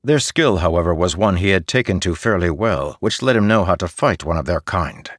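Here a man's deep voice carries a fantasy audiobook, his delivery steady and measured like a practiced storyteller. It's a dry, clean studio recording.

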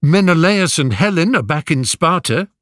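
Man doing a young prince, eager and gloomy, voice pushed up higher, urgent, storybook reading, dry close sound. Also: expressive, normal speed, fairly bright tone, dry recording. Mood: earnest.

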